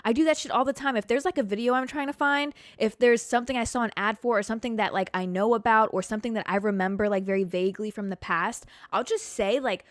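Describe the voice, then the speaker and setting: A young woman hosting a casual solo podcast from her couch at home, talking in an animated, expressive way and swearing a lot. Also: fairly high pitch, fast talker, hardly any pauses, no room sound. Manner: animated and expressive, heavy swearing, frequent "like" fillers. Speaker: podcast host.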